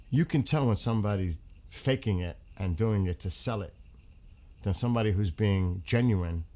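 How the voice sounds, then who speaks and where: A man's voice: fairly low pitch, warm tone. A man hosting a casual livestream, rambling frankly and swearing freely. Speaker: livestream host.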